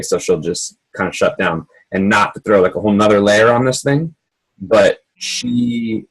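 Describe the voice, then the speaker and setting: A man, a gym coach, chatting casually and telling a story about a client in a quick, lively way. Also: fairly low pitch, breathy edge, low-quality recording. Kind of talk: casual podcast discussion.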